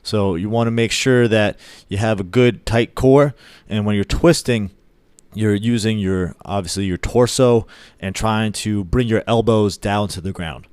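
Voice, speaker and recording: A man coaches a core workout in a steady, encouraging voice-over. His voice is lowish, smooth and resonant. The recording is dry and close. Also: measured pace, no room sound. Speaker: fitness coach.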